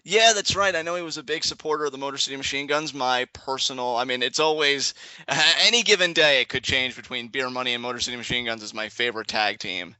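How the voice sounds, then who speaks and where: A young man chatting excitedly as a guest in a live reaction video, laughing often and rambling through restarts. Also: mid-range voice, fast, clear, resonant tone, no room sound, lo-fi sound. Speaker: guest co-commentator. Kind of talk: casual live reaction chat.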